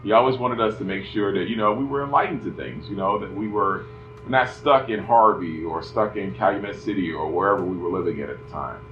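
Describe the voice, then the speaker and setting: Animated middle-aged man. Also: low voice, fairly quick. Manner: animated, acts out voices, many "you know" fillers. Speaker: son telling family stories. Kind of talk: casual family storytelling. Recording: roomy, slightly dull, faint music behind.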